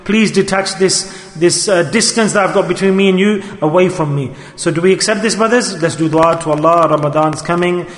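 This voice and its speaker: A man preaching a sermon to a gathering, earnest and pleading, leaning on slow, emphatic repetitions. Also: sits high. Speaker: Sufi preacher. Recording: echoey hall.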